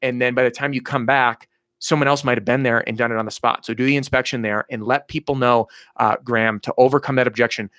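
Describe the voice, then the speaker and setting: An energetic man in his thirties coaches salespeople live, blunt and motivational. His voice sits in a middle pitch and sounds dry and close, with no room around it. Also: quick pace, dry recording. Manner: energetic, blunt, motivational, acts out quoted dialogue. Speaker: sales trainer hosting a live Q&A.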